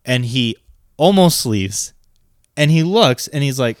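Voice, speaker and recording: A man's voice: medium pitch, slow, no echo, studio quality. A man co-hosting a podcast, telling a story in casual chat and laughing often. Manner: animated, laughs while telling stories. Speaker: podcast co-host.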